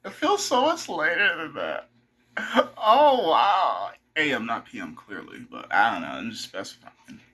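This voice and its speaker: A man's voice: fairly high pitch, huge pitch swings, a little slow, bright, forceful tone, breathy edge. A young man rambling casually to camera, swearing freely and talking to his dog between thoughts. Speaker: vlogger.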